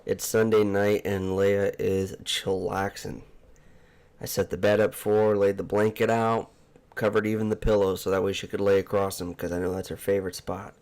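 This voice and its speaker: A man's voice: lowish voice, little pitch movement, moderate pace, a little mellow. A man hosting a casual solo podcast from a room at home, talking in a profane, exasperated, ranting way. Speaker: podcast host. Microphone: headphones and desk mic.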